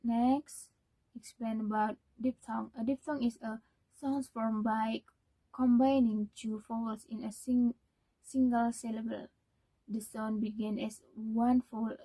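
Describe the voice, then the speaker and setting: Young woman doing a class presentation in english, slow and halting, dark husky voice. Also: on the high side, fairly even intonation, poor audio. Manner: halting, many fillers and restarts. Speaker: student.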